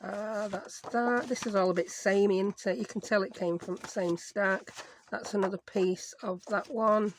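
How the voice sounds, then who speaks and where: A woman's voice: mid-range voice, steady tone, moderate pace, slight background noise. This is a woman talking viewers through a crafting project. She is chatty and self-mocking, muttering asides to herself as she works. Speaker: crafting YouTuber. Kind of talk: casual craft tutorial.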